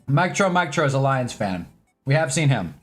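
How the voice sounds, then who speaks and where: A man's voice: medium pitch, very animated, moderate pace, a bit bright, faint music behind. Chatty man hosting a sports stream. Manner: loose and chatty, swears, talks to chat. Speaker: live-stream host. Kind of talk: casual live-stream sports talk. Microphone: own desk mic.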